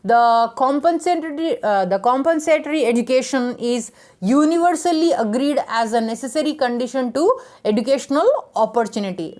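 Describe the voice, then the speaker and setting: A woman with a high voice teaches a lesson, working steadily through a numbered list of points. She pauses on fillers and restarts now and then, like an online tutor explaining from notes. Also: darkish tone. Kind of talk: lecture reading out points.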